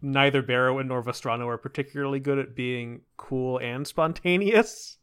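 Bright-voiced joking male player. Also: mid-range voice, level tone, clean tone. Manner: joking, quick asides. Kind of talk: casual tabletop play.

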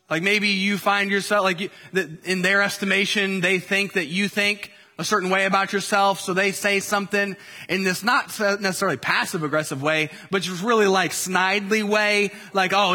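Man preaching a sermon, high bright voice, conversational with fillers, reverberant hall. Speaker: pastor.

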